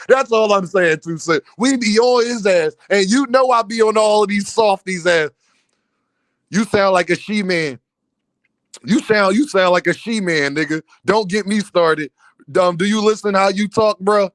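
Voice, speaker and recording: High-voiced man trash-talking on a stream. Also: a bit bright, no room sound. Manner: teasing, trash-talking, laughing often. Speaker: livestream host. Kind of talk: casual livestream banter.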